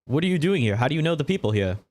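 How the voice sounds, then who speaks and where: A man voicing a loud, fawning floating announcer who interviews the crowd in a tabletop game. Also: fairly high pitch, very animated, rapid-fire, voice pushed up. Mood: gushing. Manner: chirpy showy interviewer voice.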